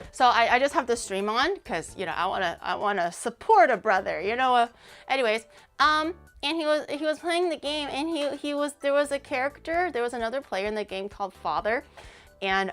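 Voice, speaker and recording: Young female streamer, high voice, animated and giggly, chatting to chat over faint music. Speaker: livestreamer.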